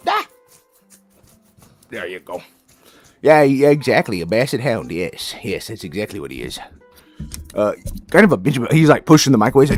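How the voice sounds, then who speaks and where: Chatty male streamer talking to chat and his dog, lively, dry close sound. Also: medium pitch, normal speed, dry recording, soft background music. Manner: chatty, rambling, coos baby talk at his dog. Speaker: game streamer. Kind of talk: casual chat with stream viewers.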